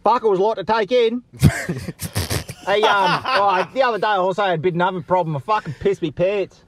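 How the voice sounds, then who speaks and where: A man's voice: sits high, brisk, a bit bright, slight background noise. A man calling in with crude jokes. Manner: joking, crude, laughing. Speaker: caller.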